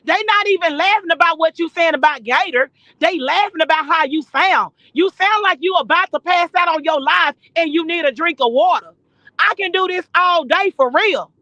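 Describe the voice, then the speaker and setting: Loud high-voiced woman ranting profanely. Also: dry recording. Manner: loud, profane, confrontational, fast bursts. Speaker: guest caller on a live stream. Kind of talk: heated ranting on a live stream. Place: in a car while driving. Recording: muffled lo-fi stream audio.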